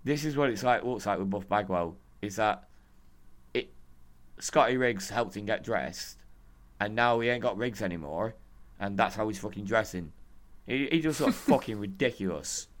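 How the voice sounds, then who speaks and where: Hoarse man, rambling and profane. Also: on the low side, animated, moderate pace. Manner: rambling, profane, laughing often. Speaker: podcast co-host. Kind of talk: casual chat.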